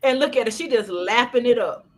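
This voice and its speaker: Slightly high and a little fast, with a bit of hiss or hum, a woman co-hosting a podcast goes over a TV episode casually. She's emphatic as she scolds the characters.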